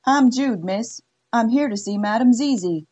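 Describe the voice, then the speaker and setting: A woman voicing a cocky, confident cowboy hired gun who speaks in a slow drawl. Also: on the high side, lively intonation, mellow, pitched above the performer's own voice. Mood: polite.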